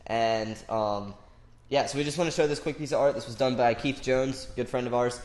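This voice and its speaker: A man's voice: mid-range voice, normal speed, darkish tone, echoey room. A young man co-hosting a casual gaming podcast, talking chattily through a stuffy nose from a cold. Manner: nasal, chatty, fillers. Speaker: podcast co-host.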